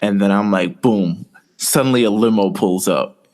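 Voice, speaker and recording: A man with a fairly low voice talks through his ideas in a loose, rambling way. He slips into quick quoted lines and keeps the chat casual, like a podcast co-host walking a friend through his plan. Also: darkish tone. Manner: rambling, storytelling with quoted asides.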